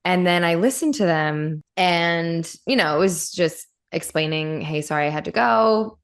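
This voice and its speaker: A woman podcast host talks in a loose, candid chat, pitched a little low for a woman. She rambles freely and fills her talk with "like.". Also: animated, a little slow, clear, resonant tone. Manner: candid, rambling, says "like" often. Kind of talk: casual chat.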